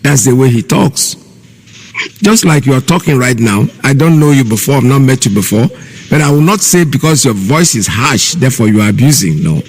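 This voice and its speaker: Gravelly Nigerian man hosting radio. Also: medium pitch, lively intonation, brisk. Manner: earnest, explaining at length with repeated phrases. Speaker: radio host. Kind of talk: call-in radio talk.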